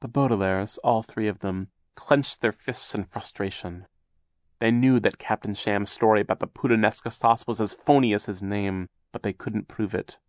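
A man's voice: fairly low pitch, fairly even intonation, moderate pace, no echo. A man reading a storybook aloud as narrator, with a wry, dry manner. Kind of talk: audiobook narration.

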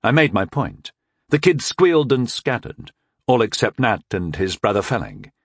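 Male narrator, wry first-person storyteller, expressive pitch, dry booth sound. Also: moderate pace, breathy edge, no echo. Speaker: audiobook narrator.

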